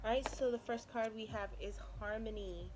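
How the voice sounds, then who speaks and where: A woman's voice: fairly high pitch, steady tone, normal speed. A woman giving a casual spiritual card reading to her viewers, rambling and often checking in with "all right?", speaking from a room at home with the window open. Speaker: tarot card reader. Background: faint noise from outside.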